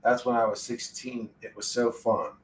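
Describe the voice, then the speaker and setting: A man's voice: mid-range voice, steady tone, moderate pace, a little hiss or hum. A young man chatting casually on a livestream, rambling and swearing in a laid-back way. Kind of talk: casual stream chat. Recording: echoey room, distant mic.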